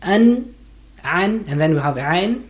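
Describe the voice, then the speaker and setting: A man teaching Quran recitation one-on-one for listeners, patiently correcting common errors and slowly drawing out the recited verses. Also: high voice, animated. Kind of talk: one-on-one pronunciation lesson. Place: recorded lesson for listeners.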